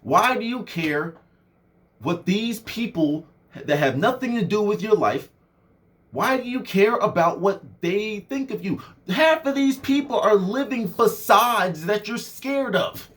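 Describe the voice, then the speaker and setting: A young man delivers a casual motivational monologue straight to his audience, chatty and loose with many fillers. He speaks at a measured pace, his high voice ranging widely and dipping low then rising to drive points home.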